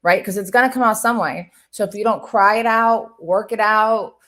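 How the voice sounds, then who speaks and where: A woman with a mid-range voice hosts a relaxed webinar chat. She talks in a chatty, enthusiastic way and cheers her guest on, speaking straight from her own experience. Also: medium pitch, normal speed. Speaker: webinar host. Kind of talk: casual webinar conversation.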